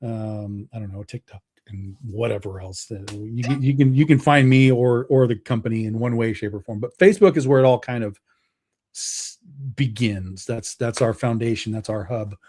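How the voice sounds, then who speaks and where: A man's voice: medium pitch, normal speed. A man appearing as a guest on a video-call show, talking casually about his comics company with many fillers. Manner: relaxed, filler-heavy, many restarts. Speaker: comic book publisher guest. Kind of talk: casual chat.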